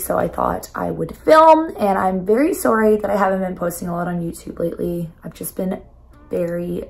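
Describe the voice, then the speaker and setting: A young woman in her twenties, hoarse and raspy from a weekend of yelling and singing, chatting casually and bubbly in a vlog filmed on a phone. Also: on the low side. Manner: bubbly, chatty, apologetic, with filler words. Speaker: vlogger. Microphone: phone camera.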